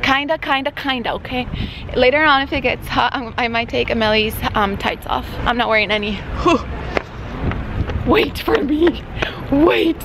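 A woman's voice: on the high side, background noise. A young woman chatting casually to the camera in a family vlog, bubbly and talkative, often cooing in baby talk to her little daughter. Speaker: vlogger mother. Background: loud background music.

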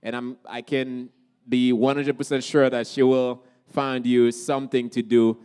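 A man from Haiti, emceeing a community college event with lively, crowd-rousing energy. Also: mid-range voice, a little slow, smooth. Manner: energetic, hypes up the crowd, calls out questions.

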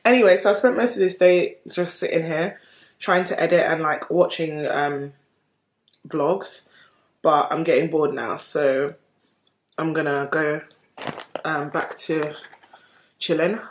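A woman's voice: deep voice, fairly even intonation, measured pace, long pauses. A woman, chatting candidly to camera in a casual home vlog. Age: 20s. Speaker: vlogger. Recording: roomy echo, faint noise.

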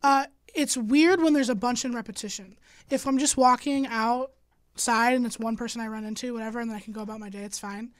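Young woman podcast host, high pitched, deadpan sarcastic, lots of likes and ums, dry close mic. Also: brisk, no echo. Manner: sarcastic, deadpan, many fillers. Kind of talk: casual podcast chat.

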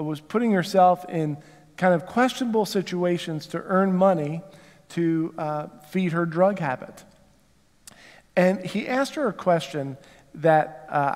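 High-voiced pastor with a Southern accent. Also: male voice, darkish tone, in a large hall. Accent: Southern American. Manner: conversational, asks the congregation rhetorical questions. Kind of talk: sermon. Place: church sanctuary.

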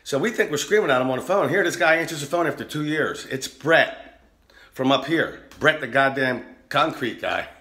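A man telling a rowdy, profane anecdote in a casual, animated way. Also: a little high, moderate pace. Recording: roomy echo.

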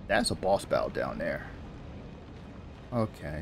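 Over background noise, a man with a low voice plays a video game slowly, pausing often, as he chats casually in let's-play style. This gaming YouTuber is animated, addressing the characters directly and muttering and laughing to himself.

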